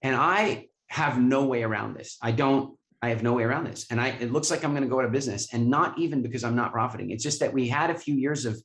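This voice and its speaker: Man, storytelling guest, animated, self-mocking, bright tone, echoey room. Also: mid-range voice, quick pace, few pauses. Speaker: guest, business owner. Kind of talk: storytelling interview.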